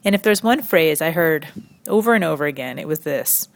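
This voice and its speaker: A young woman from Quebec delivers a scripted satirical monologue. Her voice sits fairly low, and her tone is dry and sarcastic. She punctuates it with sharp, high leaps of mock incredulity. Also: lively intonation, a little fast, vocal fry. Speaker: satirical commentary host.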